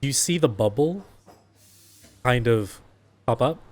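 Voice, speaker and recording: A man narrating a tabletop horror game as game master, in a calm, unhurried way. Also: mid-range voice.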